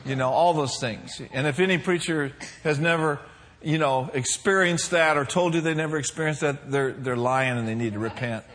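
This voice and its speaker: A man's voice: on the high side, normal speed, fairly bright tone, some chatter behind. A man preaching a sermon to a congregation, mixing fillers and call-and-response asides. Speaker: pastor.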